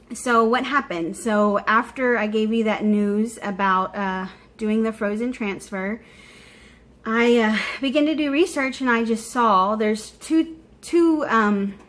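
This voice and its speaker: A woman recording a personal video diary update, talking openly and warmly straight to her viewers in a chatty, heartfelt way. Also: on the high side. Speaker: vlogger.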